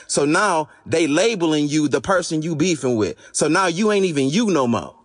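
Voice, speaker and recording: A podcast host with a hoarse, fading voice, delivering a blunt, profane, exasperated monologue. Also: male voice, fairly high pitch, expressive, normal speed, hardly any pauses. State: losing his voice.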